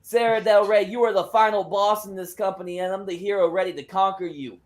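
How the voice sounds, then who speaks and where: Man doing brash loud female wrestler. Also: high-pitched, fairly even intonation, fairly quick, lightly acted. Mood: defiant. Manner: shouting crowd-pumping promo with Spanish exclamations.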